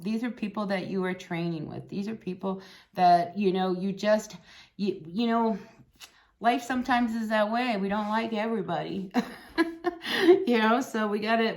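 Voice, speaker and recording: A woman giving a casual, chatty tarot reading, encouraging and blunt, often tagging lines with "right?" and "you know". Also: medium pitch. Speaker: tarot reader.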